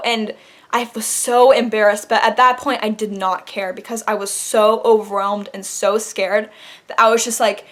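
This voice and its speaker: A young woman vlogger telling a dramatic personal story in an animated, casual way. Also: fairly high pitch, moderate pace. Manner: animated, dramatic retelling with laughs. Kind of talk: storytime vlog.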